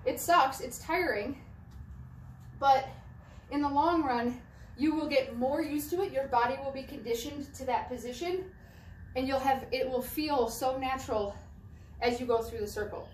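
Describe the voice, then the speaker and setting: Demonstrating as she talks, a young adult throwing coach explains shot put form in a relaxed way, often starting over and repeating herself as she moves. Her voice sits high at a normal pace, captured by a camera mic at a distance with echo, faint ambience, and slight noise.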